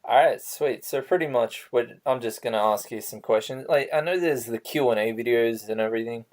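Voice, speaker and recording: Brief: male host, mid-pitched, loose and joking, casual interview chat. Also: brisk, a little mellow. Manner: loose, joking, crude asides.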